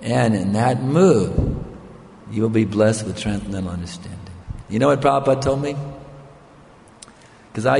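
An older male spiritual teacher with a gravelly voice tells a story in a sermon. He keeps checking in with his listeners in a conversational way. A long hall reverb trails his words. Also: on the low side, darkish tone, a little hiss or hum.

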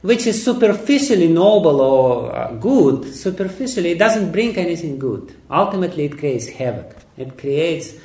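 A man's voice: fairly high pitch, sing-song, moderate pace, few pauses, a little mellow. A man giving an emphatic sermon on scripture, often laughing. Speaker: lecturer on scripture. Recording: echoey room.

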